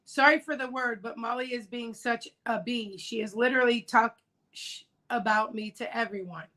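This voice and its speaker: A woman's voice: on the high side, steady tone, normal speed, sharp tone, poor audio. A woman hosting a casual livestream discussion, talking emphatically and repeating her key points. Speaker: livestream host. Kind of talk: casual discussion of a news case.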